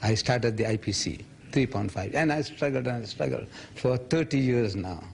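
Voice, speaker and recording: This man, in his seventies, responds to audience questions at a public lecture through animated anecdotes, voicing what others said in a lifted tone. His mid-range voice is gravelly and moderately paced, and a little hiss or hum can be heard.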